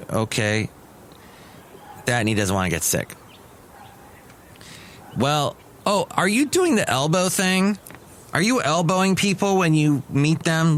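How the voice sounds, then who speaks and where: Man, middle-aged, podcast host, wry, rambling, mid-pitched. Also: a bit bright, a little hiss or hum. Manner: wry, meandering, chatty. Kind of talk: rambling solo comedy podcast.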